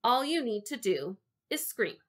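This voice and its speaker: Woman doing a weary, gruff old man. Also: a little high, big pitch swings, measured pace, voice pushed up. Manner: weary, sighing, curt. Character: tired, gruff old male casting director.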